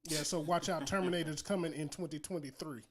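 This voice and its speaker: A man co-hosting a relaxed podcast conversation, his voice sitting a little high for a man. He drives his points home with rhetorical build-ups and punchy asides. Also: brisk, crowd noise. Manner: emphatic, rhetorical "guess what" build-ups. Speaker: podcast co-host. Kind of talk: casual chat.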